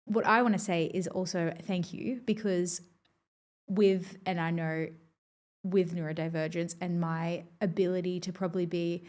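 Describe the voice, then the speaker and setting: A woman's voice: on the low side, fairly even intonation, normal speed, a little mellow. A young woman who performs in musical theatre, a podcast guest who talks in a chatty, self-deprecating way and laughs easily. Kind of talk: casual podcast chat.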